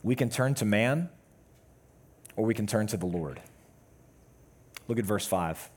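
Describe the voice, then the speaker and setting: A man preaching a sermon to his church, with measured, emphatic pauses. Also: lowish voice, animated, slightly rough. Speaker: pastor.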